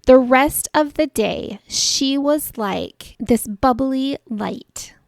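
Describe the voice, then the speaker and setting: Chatty woman with gravelly fry. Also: sits high, lively intonation, extremely slow, no room sound. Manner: chatty and warm-humored, laughs at herself. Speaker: podcast host. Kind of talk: personal storytelling monologue.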